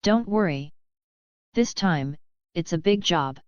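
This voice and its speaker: A woman's voice: fairly low pitch, animated, takes it slowly, darkish tone, clear, resonant tone, dry recording, muffled recording. A woman voicing a bald, muscular male street racer who speaks bluntly and directly in a storybook reading.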